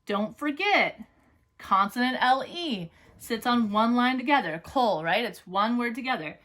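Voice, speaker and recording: A woman teaching a phonics and dictation lesson, dictating slowly word by word and checking in with students. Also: on the high side, lively intonation, a bit bright. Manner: slow, careful word-by-word dictation; checks in with "right?" and "okay?".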